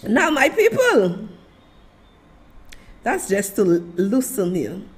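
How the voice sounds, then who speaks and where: A woman's voice: medium pitch, wildly swooping pitch, extremely slow, husky. A woman from Saint Lucia with a Saint Lucian accent, hosting a live-stream commentary and speaking emphatically, addressing her listeners and officials directly. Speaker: livestream host.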